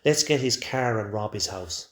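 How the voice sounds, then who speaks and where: A man's voice: on the low side, lively intonation, normal speed, fairly bright tone. Cruel sidekick thug, mocking tone, as a man reads him, roomy sound. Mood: taunting. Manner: taunting. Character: jeering young male thug, cruel sidekick. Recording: roomy echo.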